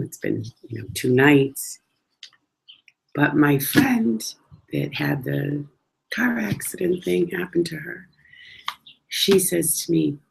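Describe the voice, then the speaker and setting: Woman telling travel stories, lots of vocal fry, chatty and animated, acts out what people said. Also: low-pitched, a little slow, poor audio. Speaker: travel storyteller. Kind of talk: casual personal storytelling.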